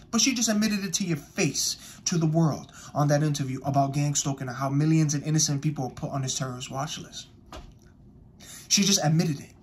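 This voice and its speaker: A man's voice: fairly high pitch, slight background noise. A man speaking, giving impassioned online commentary, emphatic and repetitive, addressing his audience directly.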